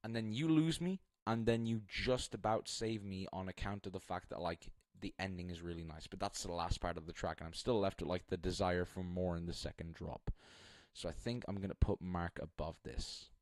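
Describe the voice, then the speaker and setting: A man's voice: low-pitched, normal speed, few pauses, dry recording. Young man rambling on a live stream. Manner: rambling, thinking aloud, self-deprecating. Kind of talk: casual live-stream commentary.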